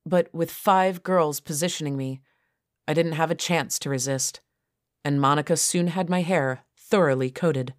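A woman reads a first-person erotic story as an audiobook, telling it at a steady, even pace. Her voice sits very low for a woman. The recording is close and completely dry. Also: moderate pace, no echo. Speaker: audiobook narrator.

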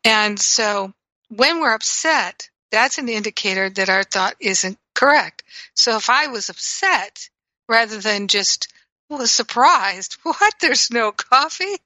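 A woman's voice: mid-range voice, expressive, takes it slowly, pushed and bright, no room sound, poor audio. A woman teaching in a reflective spiritual talk, telling stories and acting out her own reactions. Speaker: spiritual teacher and radio host.

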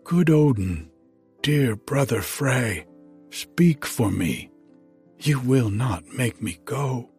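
A man voicing a young goddess who wails and pleads, his voice lifted higher and louder than his narration, in a storybook reading. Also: expressive, slow pace, faint music behind. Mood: pleading. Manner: pleading, wailing.

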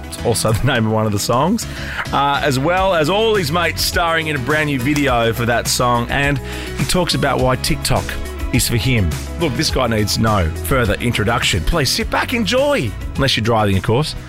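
A man's voice: mid-range voice, very animated, moderate pace. A man introducing his guest on a podcast in a chatty, jokey way. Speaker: podcast host. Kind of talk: scripted show introduction. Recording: music bed underneath. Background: music playing.

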